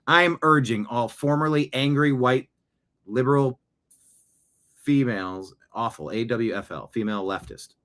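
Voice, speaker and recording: A man's voice: medium pitch, a bit bright. A man hosting a political talk show, speaking emphatically and repeating phrases for effect. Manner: emphatic, repeats phrases, acts out quoted voices. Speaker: show host. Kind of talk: opinionated political commentary.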